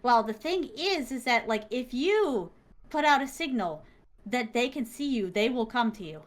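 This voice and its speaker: A young woman, an interview guest, telling a story in casual chat, animated and full of fillers and exclamations. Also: on the high side, moderate pace.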